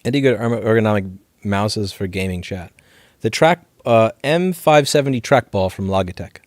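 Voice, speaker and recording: A man's voice: lowish voice, normal speed, no room sound, clean studio sound. A man hosting a casual live question-and-answer stream from his repair shop, talking animatedly, swearing and laughing often. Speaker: livestream host.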